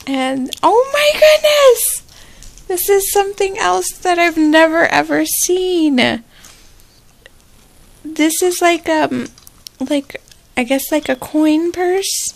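A high-voiced woman vlogger talks through an unboxing in an unhurried, gushing way. Her voice has a gravelly fry at the ends of phrases, and she breaks into excited squeals. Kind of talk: casual unboxing chat.

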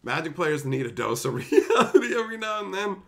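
A man's voice: fairly high pitch, big pitch swings, fairly quick, creaky. A man hosting a live stream, telling stories in a ranting, profane, laughing way. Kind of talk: casual storytelling on a live stream.

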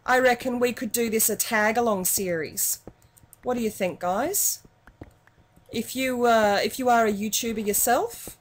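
An Australian woman with a slightly high voice talks her viewers through a game. Her commentary is casual and chatty, and she bursts into excited exclamations at what happens on screen. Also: normal speed. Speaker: gaming YouTuber.

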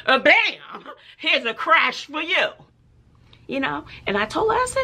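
A woman, a teacher and mother chatting in a vlog, animated and dramatic, with hushed asides. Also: high voice, a little slow. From Texas. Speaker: schoolteacher and mother. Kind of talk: casual chatty vlog storytelling.

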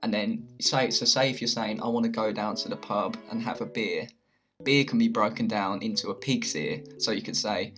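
A man's voice: on the low side, normal speed, fairly bright tone, faint music behind. A young man with a London accent, explaining slang to camera in a loose, chatty way. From England. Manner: chatty, loose, with many "like"s and restarts. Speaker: video host teaching slang.

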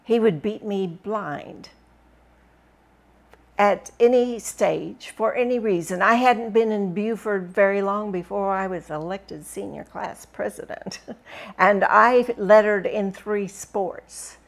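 A woman reading a first-person memoir aloud with expressive, dramatic storytelling. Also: mid-range voice, slow, gravelly. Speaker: book reviewer reading aloud.

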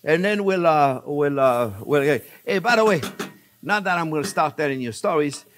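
A man's voice: a little high, animated, moderate pace, a little hiss or hum. An older man from France with a French accent, hosting a casual cooking demonstration, chatty and self-amused, often calling viewers friends. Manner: chatty, repeatedly calls viewers friends, laughs at himself. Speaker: cooking show host.

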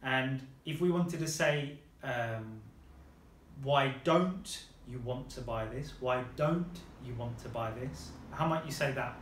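A man's voice: mid-range voice, takes it slowly, echoey room, slight background noise. A man teaching a lesson, patiently modelling phrases and praising his student's answers. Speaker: language teacher.

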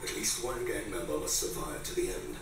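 A man's voice: fairly low pitch, a little fast, noisy background, lightly acted. A man voicing a formal contest announcer. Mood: declaring. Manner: formal, declaiming, exotic-sounding accent. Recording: echoey, distant, over loud game music.

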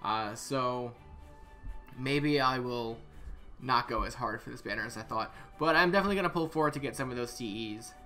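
Male game reviewer, casual and bright, middle pitch, hesitant repeats, faint music underneath. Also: moderate pace. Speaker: game content creator.

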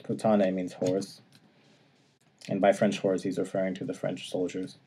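A man's voice: deep voice, monotone, normal speed, dark tone, slightly rough. A man casually recapping a video game story, now and then acting out lines and laughing. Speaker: podcast co-host.

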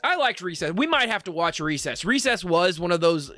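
A man's voice: high voice, sing-song, brisk, bright, forceful tone, no echo, faint music behind. A man in his thirties co-hosting a casual chat, upbeat and laughing often as he reads viewer comments and runs through lists. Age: 30s. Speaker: podcast co-host.

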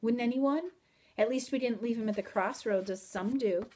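A woman reading aloud as a stubborn, indignant peasant girl, speaking emphatically and louder than her narration. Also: on the high side, normal speed, close to an everyday voice. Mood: defiant. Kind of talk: audiobook reading.

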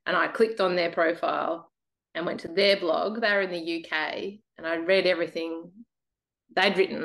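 A woman guest telling her story in a casual interview, animated, laughing often and acting out her own past thoughts. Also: lowish voice.

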